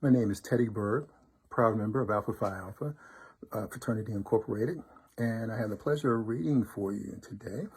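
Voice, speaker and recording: A man reads a folk tale aloud in an expressive, rhythmic way. His voice is warm and mellow with a slightly husky texture. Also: on the low side, a little fast. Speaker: storybook reader, fraternity member.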